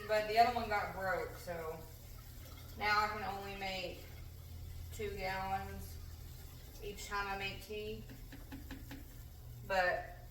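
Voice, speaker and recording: A woman's voice: medium pitch, a bit bright, recorded from a distance, a little hiss or hum, poor audio. A young woman chatting casually while cooking in her home kitchen, rambling with self-deprecating asides. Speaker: home cook vlogger.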